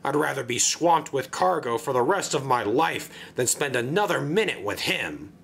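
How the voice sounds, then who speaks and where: A man's voice: medium pitch, big pitch swings, moderate pace, fairly bright tone, slight background noise. A man doing a grumpy, weary old barge. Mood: panicked. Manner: gruff, impatient, stammering when cornered. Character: grumpy put-upon male barge.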